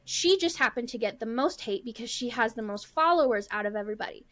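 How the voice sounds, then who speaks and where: A woman in her thirties co-hosts a casual podcast chat, her voice sitting a little high. She talks bluntly and with emphasis, hammering her points home. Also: lively intonation, quick pace, a bit bright. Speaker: podcast co-host.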